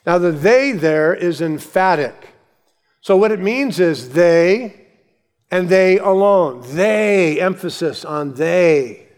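A male pastor preaching a sermon, building to emphatic lines and then dropping to soft asides. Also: fairly high pitch. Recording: long hall reverb.

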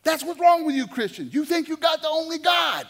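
A man's voice: very high voice, sing-song, fairly quick, a bit bright, voice pushed up, full character voice. A man voicing a brash, defiant woman prison inmate who talks bluntly in a raised voice. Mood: angry. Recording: long hall reverb.

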